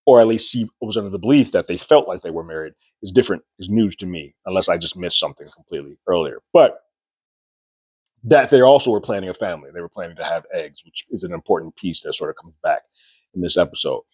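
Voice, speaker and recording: Deep-voiced man casually recapping a show. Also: animated, fast talker, a little mellow, slightly rough, no echo. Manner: chatty, loose retelling with frequent restarts and acted-out quotes. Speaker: TV show reviewer.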